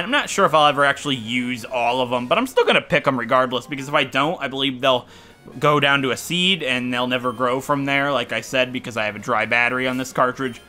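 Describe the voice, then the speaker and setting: Bright-voiced rambling gamer guy. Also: mid-range voice. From Ohio, USA. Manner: rambling and jokey, talks to viewers. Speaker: let's play gamer. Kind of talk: casual gameplay commentary. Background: faint game music.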